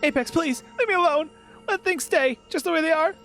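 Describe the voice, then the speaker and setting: A man voicing a pet cat who begs to be left alone in a dream, in a soft, raised voice. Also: very high voice, fairly quick, faint music behind, pitched above the performer's own voice, heavily acted. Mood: begging. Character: pet cat refusing to be woken, wistful.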